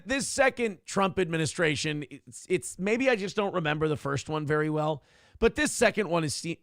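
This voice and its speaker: A man's voice: on the high side, a bit bright, dry recording, clean studio sound. Profane, sarcastic male show host. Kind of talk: casual live-stream commentary reading chat.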